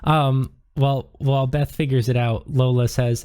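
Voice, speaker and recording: A man's voice: medium pitch, fairly even intonation, a little slow, hardly any pauses, a little mellow, clear, resonant tone. A man narrating as game master in a loose, joking way with lots of fillers.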